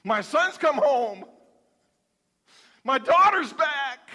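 A man as an overjoyed father calling for a feast, bright tone, reverberant hall. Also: sits high, extremely slow, exaggerated voice. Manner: excited, rising to a shout. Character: forgiving father, joyful and commanding, ordering servants.

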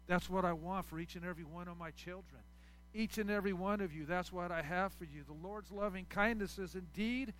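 A man with a high, bright voice preaches a sermon to his congregation. He swings between raised, forceful passages and soft, intimate asides. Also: fairly even intonation, a little fast, slight background noise. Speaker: pastor.

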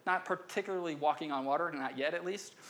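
A man's voice: fairly high pitch, fast talker, a bit bright. A young man giving a casual, conversational sermon, often acting out voices in the story and restarting his sentences. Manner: conversational, acts out quoted voices, frequent restarts. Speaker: pastor.

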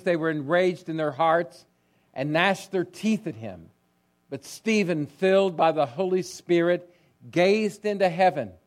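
A male pastor preaching a sermon, telling stories with drama, dropping to a hush and then rising loud. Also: a little high. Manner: dramatic storytelling, swinging between hushed and loud.

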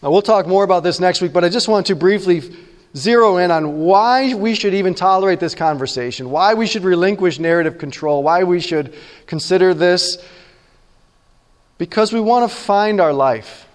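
A man's voice: high-pitched, fairly quick. A man preaching a sermon as pastor, earnest and conversational, often repeating words as he voices the people in the stories he tells. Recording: long reverb in a large hall.

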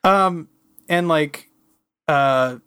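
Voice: medium pitch, a bit bright, clear, resonant tone. Podcast co-host recapping a cartoon episode. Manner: recapping plot with quick asides. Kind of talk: casual chat.

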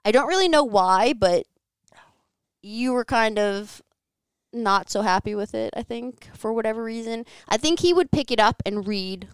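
Frank, chatty woman guest, very clear voice. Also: on the high side, animated, normal speed, no echo. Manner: frank, profane, filler-heavy with frequent "like". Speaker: podcast guest. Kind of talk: candid conversational storytelling. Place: home living room.

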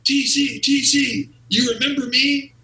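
A man's voice: extremely high pitch, fairly even intonation, measured pace, sharp tone, reverberant, voice pushed up, full character voice, low-quality recording. A man putting on the voice of a sheepish male fan who lost his front teeth.

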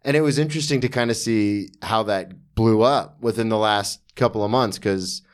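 A man's voice: lowish voice, normal speed, smooth. A man hosting a podcast, chatting loosely and joking with his guest, swearing now and then. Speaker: podcast host. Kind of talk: casual interview chat.

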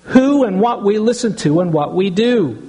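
Husky-voiced man preaching a sermon. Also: high voice, lively intonation, normal speed, dark tone, poor audio. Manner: earnest, repeats "brothers and sisters". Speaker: pastor.

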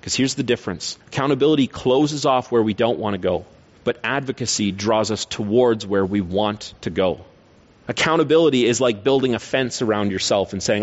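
A man's voice: mid-range voice, normal speed, lo-fi sound. A male preacher giving a sermon in an earnest, teacherly way, often posing rhetorical questions.

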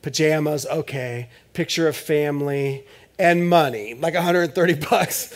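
Joking pastor with a higher voice. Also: male voice, a little slow. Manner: conversational and joking, swinging from loud to hushed. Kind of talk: sermon. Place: church.

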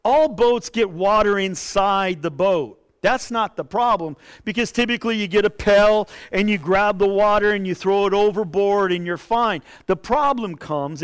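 Male pastor, expressive sermon delivery with impassioned peaks; clear, resonant voice. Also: high voice. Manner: expressive preaching, rises to impassioned pleading.

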